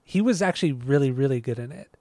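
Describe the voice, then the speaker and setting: A man co-hosting a casual podcast chat, relaxed and rambling, often restarting his sentences. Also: medium pitch, fast talker, dry recording, clean studio sound. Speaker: podcast co-host.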